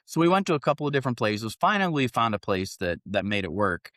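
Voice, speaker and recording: A middle-aged man hosting a podcast, telling a story in a profane, animated, casual way. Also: medium pitch, fast talker, no echo. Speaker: podcast host. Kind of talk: casual chat.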